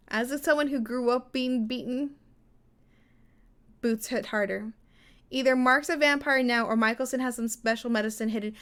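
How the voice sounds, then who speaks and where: A young woman streaming live, chatting with her viewers while reading a story game aloud. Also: fairly high pitch. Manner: chatty, reads game text aloud, answers chat.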